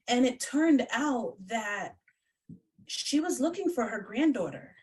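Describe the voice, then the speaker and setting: A woman's voice: a little high, expressive, a little slow, fairly bright tone. Blunt woman on a distant mic. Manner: blunt, swears freely. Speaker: psychic medium guest. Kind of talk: casual chat. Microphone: video call.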